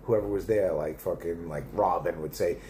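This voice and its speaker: A middle-aged man hosting a casual live stream, with a lowish, mellow, dark-toned voice. He rambles profanely through viewer comments and keeps restarting his sentences. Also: moderate pace, a little hiss or hum.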